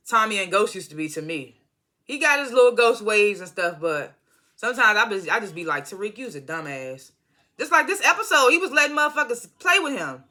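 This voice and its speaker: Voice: mid-range voice, bright, forceful tone. A vlogger recapping a TV episode in a casual, slangy, profane way, rambling and apologizing often. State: irritated by background noise.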